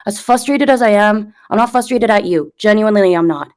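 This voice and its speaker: A woman's voice: medium pitch, fairly quick, a little mellow. A woman in her early thirties on a voice call, arguing heatedly, rambling, swearing and defending herself. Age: early 30s. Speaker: content creator being interviewed. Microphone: computer mic on a voice call.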